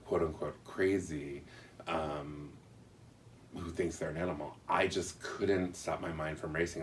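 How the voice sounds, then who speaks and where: A man in an interview telling a personal story in an earnest, halting, reflective way. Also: deep voice, recorded from a distance, a little hiss or hum.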